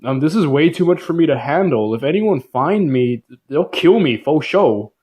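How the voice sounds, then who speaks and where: A man's voice: animated, moderate pace, a little mellow, breathy edge. A man voicing Cain, a panicked young man who whines and dodges in casual slang. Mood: pleading. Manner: shrill and defensive, slangy.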